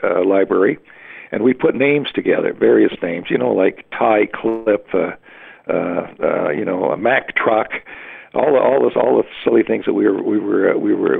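Gravelly older man on a tinny line. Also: on the low side. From Western Canada. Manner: rambling, halting storytelling with many restarts. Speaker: interviewee, veteran radio announcer. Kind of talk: oral history interview. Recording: phone-like narrow sound.

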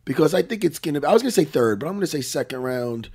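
A man hosting a casual fight-pick chat, swinging between mumbles and loud outbursts. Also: on the high side, lively intonation, racing, husky. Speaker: podcast host.

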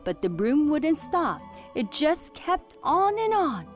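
Slow, expressive woman reading a storybook. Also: high-pitched, faint music behind. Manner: expressive, clearly enunciated reading. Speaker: storybook reader. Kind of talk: children's storybook read-aloud.

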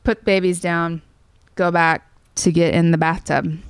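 A woman's voice: on the low side, level tone, unhurried, clean tone, dry recording, studio quality. A woman in her thirties, a songwriter guest, telling a personal story in a rambling way with lots of fillers. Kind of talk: conversational storytelling.

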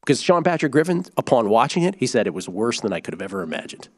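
Lively-voiced man hosting a betting podcast. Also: mid-range voice, dry recording. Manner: animated, explanatory, quick asides. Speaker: sports betting podcast host. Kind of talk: casual sports betting talk.

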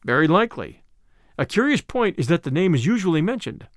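A man reading aloud as a weary older male spymaster, measured and grave. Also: a little high, big pitch swings, no echo, clean studio sound.

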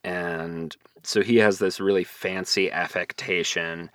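A man's voice: low-pitched, fairly even intonation, slow pace, a bit bright, smooth, no room sound. A man co-hosting a casual podcast chat, making dry joking asides. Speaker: podcast co-host.

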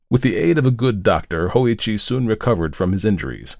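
A hoarse man narrates a folk tale in a measured, solemn tone. His voice is very low and gravelly with a lot of fry. The sound is dry and close. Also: expressive, a little mellow, no echo. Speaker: podcast host and narrator. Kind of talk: scripted story narration.

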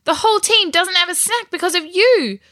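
A woman's voice: a little high, big pitch swings, a little slow, bright, forceful tone, husky, no room sound, studio quality, exaggerated voice. A woman voicing a spirited, impatient young girl who plays soccer, exclaiming with urgency. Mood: accusing.

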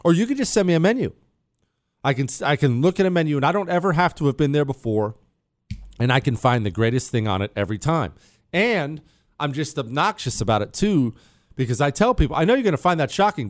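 This boastful, comic monologue comes from a radio host with a medium-pitched voice, recorded on a studio microphone without any room sound. Brash and self-deprecating, he keeps teasing his producer, who stays off-mic.

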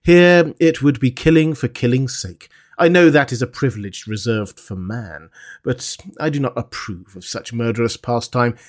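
A man reading the part of a stern, principled sea captain in an audiobook, firm and measured as he reproves. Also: mid-range voice, lightly acted. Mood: reproving.

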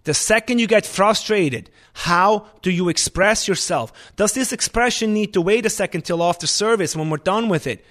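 A man, a restaurant chef and owner, talking in an animated, emphatic way in a casual interview. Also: high-pitched, moderate pace, few pauses.

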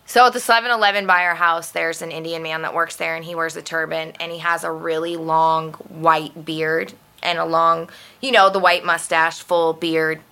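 Lower, bright-voiced woman telling anecdotes. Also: normal speed, clean tone. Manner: profane, animated anecdote telling. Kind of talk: casual chat.

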